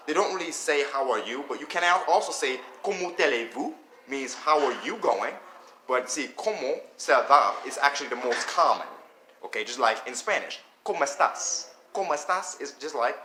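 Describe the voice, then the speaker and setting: A man teaches a beginner lesson in a loose, repetitive way, often checking in with "okay?". His voice is bright and sits at an ordinary pitch. He was recorded in an echoey room with a faint hiss behind him. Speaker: language teacher. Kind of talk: casual spoken lesson.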